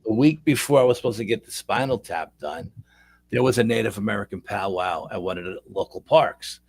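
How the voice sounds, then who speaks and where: A man's voice: on the low side, a little fast, gravelly, darkish tone, slightly rough, no echo. A middle-aged man, a paranormal investigator telling a long rambling story in a casual interview, repeating words as he goes.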